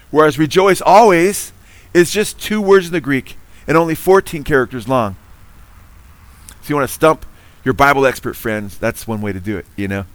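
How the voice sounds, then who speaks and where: A man's voice: medium pitch, no echo. A man preaching a sermon, earnest and emphatic, quizzing his listeners with Bible trivia.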